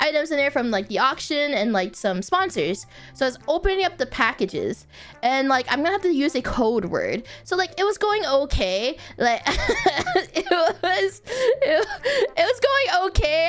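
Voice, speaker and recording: A woman streamer chatting casually, telling a story in a rambling way with lots of fillers and bursts of laughter. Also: fairly high pitch. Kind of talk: casual chat.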